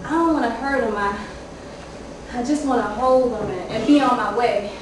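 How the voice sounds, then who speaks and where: A woman's voice: on the high side, normal speed, background noise, lightly acted. Woman putting on a young guy begging, stammery, echoey far-off hall. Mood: pleading. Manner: pleading, stammering. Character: pleading then gloating young man.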